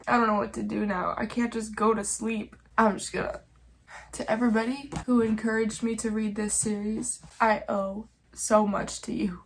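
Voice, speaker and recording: A woman's voice: on the high side, little pitch movement, moderate pace, slight background noise. A young woman talking casually to camera in a vlog, chatty and self-mocking, often emotional and laughing through tears. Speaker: vlogger.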